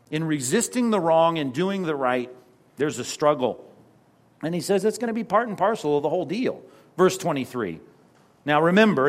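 A man pastor preaching a sermon in an animated, conversational way with sarcastic asides. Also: on the high side.

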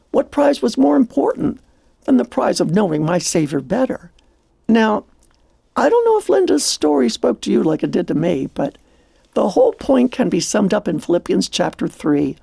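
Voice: medium pitch, vocal fry, dark tone, husky, no echo. A presenter on a Christian program, telling a story and quoting scripture in a reflective, preacherly way. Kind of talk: scripted devotional talk.

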